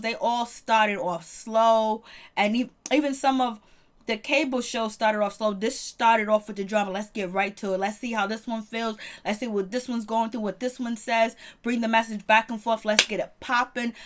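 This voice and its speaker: A woman with a slightly high voice talks through a reality TV episode like she's gossiping with a friend. Her delivery is loose, slangy and lively, with easy laughter running through it. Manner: animated, slangy, quick to laugh. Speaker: reality TV reviewer. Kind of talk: casual recap commentary.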